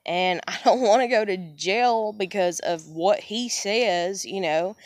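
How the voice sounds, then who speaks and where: A woman's voice: mid-range voice, measured pace, dry recording. A woman in a casual personal monologue. She talks candidly, swears often, rambles, restarts sentences and keeps saying "you know.".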